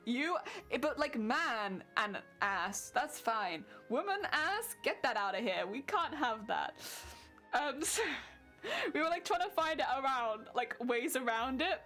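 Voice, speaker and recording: A woman's voice: fairly high pitch, lively intonation, measured pace, bright, forceful tone, soft background music. A young British woman streaming casually while crafting, chatty and giggling often. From Britain.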